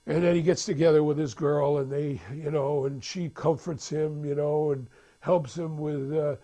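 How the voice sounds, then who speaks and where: At a moderate pace, a man with a fairly high, mellow voice and fairly even intonation walks through a film's plot. He tells it casually, rambling, restarting often, filling gaps with fillers, and performing the characters' lines.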